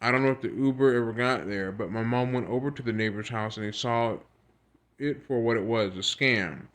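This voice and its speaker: A man's voice: mid-range voice, fairly bright tone. A man reading news articles aloud with his own comments, earnest and repetitive, often stumbling over words and starting again. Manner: halting reading with stumbles and restarts. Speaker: video creator.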